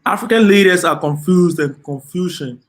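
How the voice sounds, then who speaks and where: A man with a Ghanaian accent hosting a casual live stream, reading viewer comments aloud and laughing often. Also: high-pitched. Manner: slow, relaxed, laughs often, slips into Ghanaian Pidgin.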